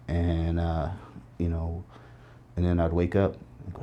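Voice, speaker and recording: With a low-pitched, dark voice and a completely flat delivery at a moderate pace, a middle-aged interview guest tells his life story. Though earnest and reflective, he voices quoted speech in his stories; slight background noise is present.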